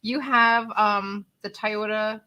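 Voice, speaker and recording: A woman's voice: mid-range voice, fairly even intonation, slow, dull audio. A woman with a Canadian accent hosting a casual interview chat, chatty and easily amused. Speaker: podcast host.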